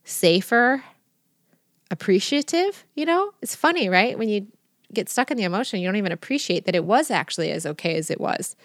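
Expressive woman podcast host, dry sound. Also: medium pitch, a little fast, dry recording. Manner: animated storytelling, expressive and emphatic. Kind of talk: casual conversational interview.

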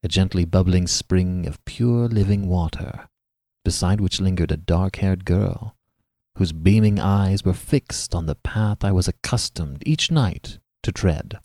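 A man reading a classic tale aloud as the podcast's narrator, with an expressive, dramatic delivery. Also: low-pitched, a little slow, no room sound. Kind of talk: scripted narration of a classic story.

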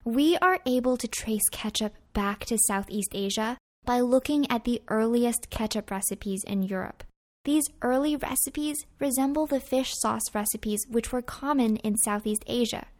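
A woman's voice: fairly high pitch, normal speed. Upbeat woman co-hosting a podcast. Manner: upbeat, reads facts in turns with co-host. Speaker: podcast co-host. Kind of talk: scripted podcast narration. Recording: faint music underneath.

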